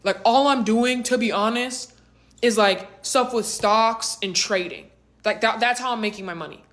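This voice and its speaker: A man's voice: high-pitched, moderate pace, fairly bright tone. A woman doing a defensive college-age brother. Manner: casual slang, defensive. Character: young adult male college brother, defensive.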